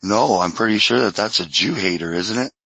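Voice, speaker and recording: A man's voice: on the low side, brisk, sharp tone, husky, no room sound, low-quality recording. A man in casual online group chat, joking and slangy.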